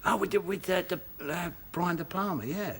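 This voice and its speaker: A man's voice: high-pitched, moderate pace, a bit bright, husky. A middle-aged man with a Cockney accent, an actor guest on a chat show, telling stories with laughter and acted-out quotes. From England. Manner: laughing storyteller, acts out quotes.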